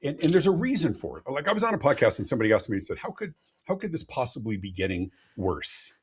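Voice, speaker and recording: A fast-talking man with a mid-range, slightly rough voice shares energetic stories as a customer experience expert on a live podcast. He comes through a remote call and tends to repeat words when launching into a sentence.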